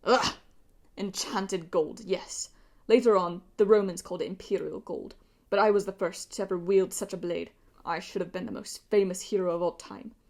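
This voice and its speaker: A woman's voice: medium pitch, normal speed, mellow, natural voice. A woman reading an audiobook and voicing a bitter, arrogant male pirate villain who sneers and drops into hissing whispers. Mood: sneering.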